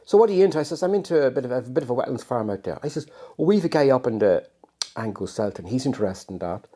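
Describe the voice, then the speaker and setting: A man's voice: medium pitch, expressive, fast, mellow, slightly rough. An Irish man reading his own poems outdoors, with rambling, self-mocking asides about his life. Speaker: poet reading his work. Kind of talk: poetry reading and personal storytelling. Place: outdoors on a farm.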